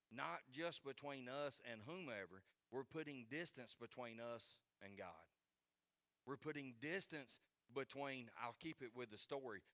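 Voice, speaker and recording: A man's voice: medium pitch, fairly bright tone, no room sound. A man, preaching a sermon in an earnest, folksy way and repeating key phrases for emphasis. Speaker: pastor.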